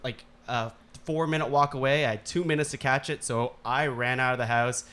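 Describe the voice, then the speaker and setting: A man's voice: medium pitch, fairly quick, clear, resonant tone. A man hosting a casual podcast with several guests, joking and laughing as he talks. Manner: lively, laughs often, playful. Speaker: podcast host.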